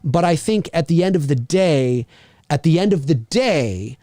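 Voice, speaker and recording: A man hosting a podcast, talking in a casual, animated, rambling way, repeating words and swearing often. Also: fairly high pitch, unhurried, no echo, clean studio sound. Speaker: podcast host. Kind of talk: casual chat.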